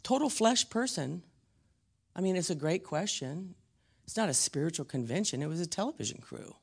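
A man preaching a blunt, emphatic teaching sermon, slowing down and dropping to a whisper on key words. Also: a little high, animated, creaky, slightly rough.

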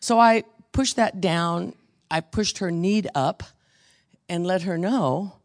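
A woman's voice: on the low side, normal speed. A woman leading a casual Bible study, chatty and storytelling, with frequent restarts.

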